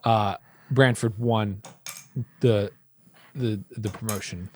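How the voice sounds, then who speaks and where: A man's voice: on the low side, fairly even intonation, slow pace, a little mellow. An American man co-hosting a podcast in a rambling, playful, teasing casual chat. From United States. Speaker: podcast co-host.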